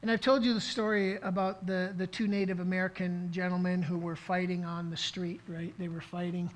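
A man's voice: high voice, level tone, fairly quick, poor audio. A middle-aged man preaching a sermon as pastor, telling a story in an earnest way, with frequent restarts. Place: church service.

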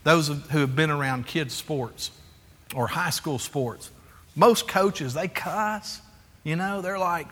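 Animated, bright-voiced pastor preaching in a hall. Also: male voice, fairly high pitch, slow pace. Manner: animated, confessional, acts out quotes, calls for amens. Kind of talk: sermon. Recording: echoey hall.

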